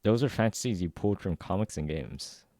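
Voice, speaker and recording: A man's voice: low-pitched, fairly quick, mellow, no echo, studio quality, natural voice. A man reading a cold, taunting girl doppelganger.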